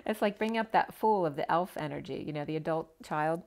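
A woman giving a gentle spiritual tarot reading, reading oracle card messages aloud and offering advice to her viewers. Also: low-pitched, normal speed, pauses often. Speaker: tarot reader.

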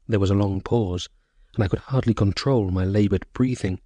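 A man narrating a short story as an audiobook, in a measured, sorrowful first-person voice. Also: on the low side, warm tone, no room sound.

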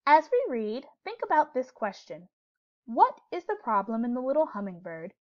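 A woman teacher giving a read-aloud lesson to young children, speaking clearly and gently and asking questions as she goes. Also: high voice, huge pitch swings, moderate pace, highs cut off.

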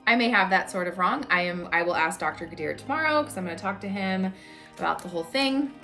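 A woman in her thirties vlogs from home in an open, chatty way, peppering her talk with "like". Her voice sits at an ordinary middle pitch. Soft music plays faintly underneath. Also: animated, fast, gravelly. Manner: chatty, candid, leans on "like". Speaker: vlogger. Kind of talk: candid personal vlog talk.

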